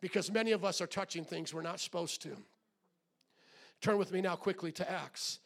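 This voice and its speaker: A middle-aged man with a notably high voice preaches a sermon in a church. He drops to a hushed, low delivery and then builds to loud, shouted exhortation. He questions the congregation directly. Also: steady tone, normal speed, gravelly. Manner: acts out quoted voices, asks the congregation questions. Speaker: pastor.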